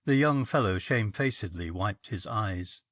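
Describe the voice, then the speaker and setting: A man reading a ghost story aloud in a measured, expressive narration. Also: on the low side, no room sound, clean studio sound. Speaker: story reader.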